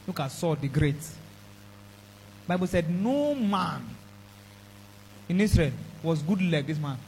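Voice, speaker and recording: A man's voice: a little high, expressive, takes it slowly, a little mellow, slight background noise, poor audio. A man preaching a sermon with emphatic delivery, throwing call-and-response questions to the congregation. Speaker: pastor.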